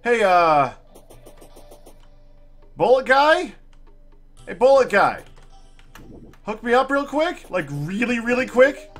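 A man's voice: very high-pitched, big pitch swings, takes it slowly, long pauses, fairly bright tone, faint music behind. A man giving live commentary on his own gameplay, talking frantically, stammering and turning sarcastic when things go wrong. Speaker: gaming channel host.

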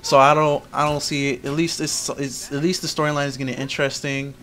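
A man's voice: fairly high pitch, level tone, a little fast, fairly bright tone, a little hiss or hum. A man hosting a casual podcast, ranting in exasperation and restarting his sentences often. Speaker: podcast host. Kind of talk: casual wrestling recap podcast.

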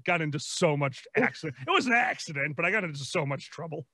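A tipsy man with a Chicago accent hosting a comedy panel, telling rambling, excitable stories. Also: on the high side, quick pace, dry recording, studio quality. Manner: rambling, excitable, does voices in anecdotes. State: tipsy from drinking. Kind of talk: drunk comedic storytelling. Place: convention panel stream.

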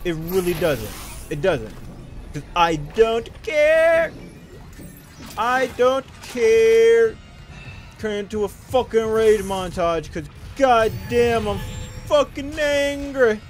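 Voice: mid-range voice, big pitch swings, slow, soft background music. A gamer giving let's play commentary on a horror game, frustrated, swearing a lot and talking to themself.

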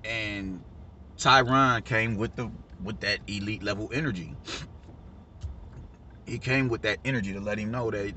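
A man's voice: fairly low pitch, unhurried, long pauses. A man in a casual, unscripted rant, talking emphatically, repeating himself and swearing freely. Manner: emphatic, repetitive, profane, says "you dig" a lot. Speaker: reaction vlogger. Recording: lo-fi audio with loud traffic noise.

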